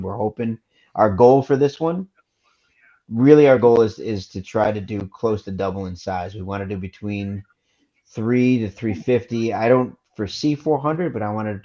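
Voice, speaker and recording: A man's voice: fairly low pitch, brisk, mellow. A man co-hosting a casual podcast, talking in a laid-back way with many fillers and restarts. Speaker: co-host. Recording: dull lo-fi sound.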